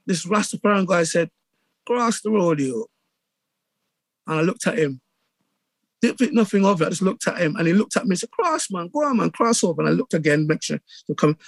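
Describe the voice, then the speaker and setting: A middle-aged man with a Bristol accent, telling stories in a casual interview with lively acted-out quotes and many restarts. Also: high voice, no echo. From England. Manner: animated storyteller, acts out quotes, many restarts. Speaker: radio DJ guest.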